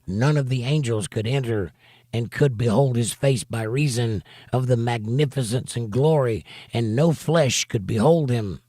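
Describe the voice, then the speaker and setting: Guy teaching bible study, reads a bit then stops to make his point, regular pitch, dry sound. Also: unhurried, mellow, dry recording. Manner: emphatic, rhetorical asides between readings. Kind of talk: reading scripture aloud with commentary. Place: home studio for a livestream.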